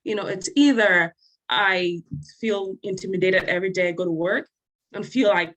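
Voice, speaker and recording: A woman from Africa speaking as a panelist on a video call, emphatic and building to animated peaks. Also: mid-range voice, normal speed, poor audio. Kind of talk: passionate panel discussion.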